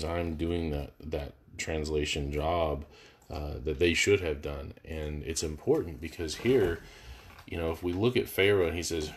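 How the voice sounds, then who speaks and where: A man leading a live verse-by-verse Bible study, talking casually with many fillers and restarts. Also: a bass voice. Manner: casual, thinking aloud with frequent fillers and restarts.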